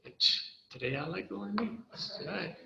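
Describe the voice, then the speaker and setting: An older man speaking at a recovery meeting, telling his personal story in an animated way and often asking "you know?" and "right?". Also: high voice, moderate pace, vocal fry, noisy background. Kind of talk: personal testimony talk. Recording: roomy, slightly muffled hall recording.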